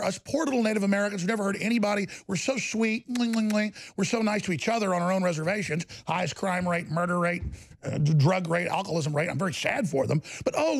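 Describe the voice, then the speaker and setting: A man's voice: sits high, gravelly. A man hosting a show, ranting in angry, sarcastic political commentary. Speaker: show host.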